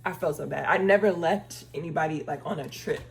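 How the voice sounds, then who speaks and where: A woman telling a casual story time vlog, acting out the people she quotes and speaking in a relaxed, chatty way. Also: low-pitched, fairly quick, gravelly. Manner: uses "y'all" and "girl" casually. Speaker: travel vlogger.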